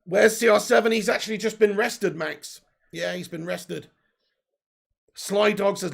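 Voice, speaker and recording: A man hosting a live football watch-along, commenting excitedly and reading out viewer messages. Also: high voice, measured pace, gravelly. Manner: excitable, casual, swears, reads out viewer messages.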